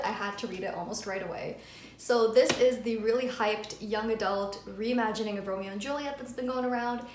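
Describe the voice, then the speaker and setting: A woman's voice: fairly high pitch, echoey room, slight background noise. A woman book vlogger talking casually about what she has read, chatty and full of filler words. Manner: chatty, lots of "like" and "friggin'". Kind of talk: casual chat.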